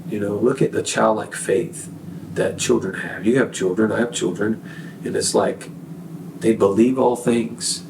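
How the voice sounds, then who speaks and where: A man's voice: on the low side, steady tone, a little slow, gravelly, echoey room, far from the mic, background noise. A man, a podcast guest, giving an earnest, preachy faith testimony full of fillers and restarts. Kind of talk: casual testimony.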